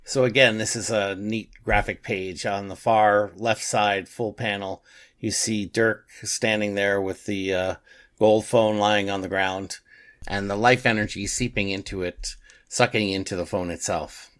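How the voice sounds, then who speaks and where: Low-voiced, slow-talking man. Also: steady tone, a bit bright. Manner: appreciative, describes page layouts. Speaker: podcast co-host. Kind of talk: casual comic book read-through.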